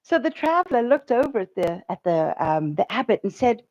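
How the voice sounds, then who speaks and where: A woman minister giving a sermon, telling stories in an animated way and laughing often. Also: on the high side, fairly quick, highs cut off.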